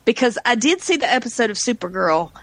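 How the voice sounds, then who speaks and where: A woman's voice: fairly high pitch, sing-song, fast talker, a bit bright, dry recording. Chatty woman, dry close sound. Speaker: podcast co-host. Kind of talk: casual chat.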